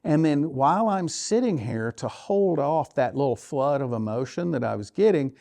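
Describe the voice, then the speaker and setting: A man's voice: on the high side, animated, normal speed, creaky, warm tone. A man, an archery coach, telling a tournament story and coaching the listener, acting out his own inner voice as he goes.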